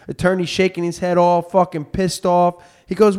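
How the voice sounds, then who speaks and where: A man's voice: high voice, normal speed, few pauses, clean tone. A man hosting a podcast, telling a long joke with lots of swearing and acting out the people in it. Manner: animated storyteller, heavy swearing, acts out characters. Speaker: podcast host. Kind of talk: casual chat, joke telling.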